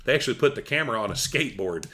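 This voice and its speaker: A man's voice: mid-range voice, lively intonation, racing, pushed and bright. A man hosting a podcast, telling stories and jokes in casual chat. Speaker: podcast host.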